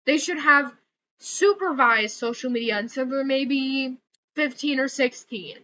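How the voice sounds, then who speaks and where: A young woman with a high, bright voice rants heatedly into the camera, swearing and circling back over her points. The sound is a little dull and lo-fi. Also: unhurried, slight background noise. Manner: heated, swearing, repeats words. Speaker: vlogger. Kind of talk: angry rant to camera.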